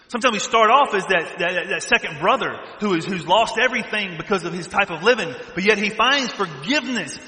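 A man with a Southern US accent preaching a sermon, swinging between loud bursts and hushed asides. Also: high voice. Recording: echoey hall reverb.

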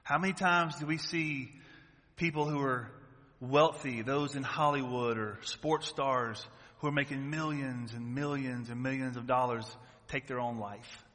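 Forceful preaching man in a reverberant hall. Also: mid-range voice, fairly even intonation, measured pace. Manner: emphatic preaching with rhetorical questions. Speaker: pastor. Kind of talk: sermon. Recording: long church-hall reverb.

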